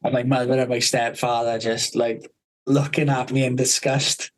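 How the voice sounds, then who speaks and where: A man's voice: medium pitch, little pitch movement, moderate pace, rough recording. A man telling a rambling story on a podcast, swearing constantly and acting out the people he quotes.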